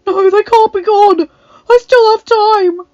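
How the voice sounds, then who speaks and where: A frantic young beast prince who pleads and cries out in a high, strained voice, as a woman reads him in a storybook. The sound is slightly dull and muffled. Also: steady tone, a little slow, a little mellow, no echo. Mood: desperate.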